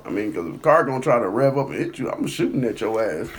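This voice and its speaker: A man hosting a podcast, telling a story in casual chat and acting out the quotes in a loud, high voice. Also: big pitch swings, fast, a little hiss or hum. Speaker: podcast host.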